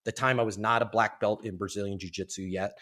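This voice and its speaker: A man telling a story as a podcast guest, in a lively, animated way and acting out what people said. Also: fairly low pitch, fast. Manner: animated, lively storyteller who acts out quotes. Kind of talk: storytelling in a casual interview.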